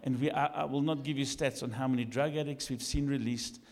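A man, a lead pastor, preaching in a church, jokey and animated, jumping from shouts to quiet asides. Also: medium pitch, a little fast, big-room sound. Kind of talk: sermon. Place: church hall.

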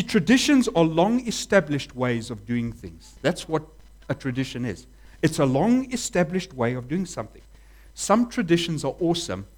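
Animated pastor preaching. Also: male voice, medium pitch. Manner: animated preaching, acts out voices, swings from loud to hushed. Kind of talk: sermon.

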